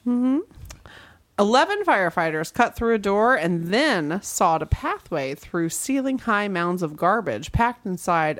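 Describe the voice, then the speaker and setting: A woman's voice: fairly low pitch, no room sound. Woman host reading odd news stories. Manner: reads articles aloud, laughing banter. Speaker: podcast host.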